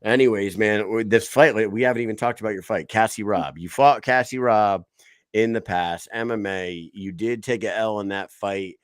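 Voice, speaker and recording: Podcast host, male, lowish voice, loose and profane, acts out quotes, dry close sound. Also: moderate pace, smooth, no room sound. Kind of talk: casual interview chat.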